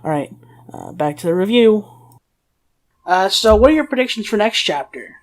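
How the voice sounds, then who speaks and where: Co-host, chatty and hesitant, middle pitch, informal. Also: expressive, moderate pace. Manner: hesitant, many fillers and restarts, mock-dramatic when quoting. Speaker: podcast co-host. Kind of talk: casual chat reviewing a comic chapter.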